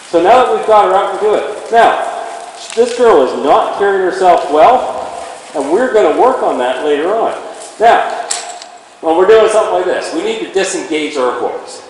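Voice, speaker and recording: Male horse trainer, slightly higher voice, casual teaching; very echoey hall, faint background noise. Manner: talks to the horse while explaining. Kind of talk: instructional demonstration. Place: indoor riding arena.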